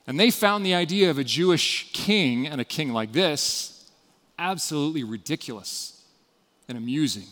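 A man giving a sermon, retelling a story with dramatic shifts between loud emphasis and hushed passages. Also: fairly high pitch, lively intonation, moderate pace, long reverb tail. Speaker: preacher.

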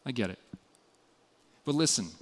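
A man preaching a sermon as pastor, earnest and often dropping to a quiet, intimate tone. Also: mid-range voice, lively intonation, normal speed. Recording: long hall reverb.

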